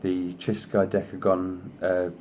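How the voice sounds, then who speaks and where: Man hosting a craft show-and-tell, deep voice, mellow tone, effusive and rambling. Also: monotone, slow pace, a little hiss or hum. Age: adult, sister past thirty. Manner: effusive, rambling with many "you know"s; coaxes his pet in a higher voice. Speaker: craft channel host showing design samples.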